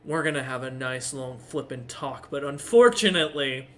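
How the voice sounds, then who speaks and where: A man's voice: mid-range voice, moderate pace, fairly bright tone, natural voice. A man voicing an irate male tiefling devil in a butler's suit, scolding and threatening. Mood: menacing.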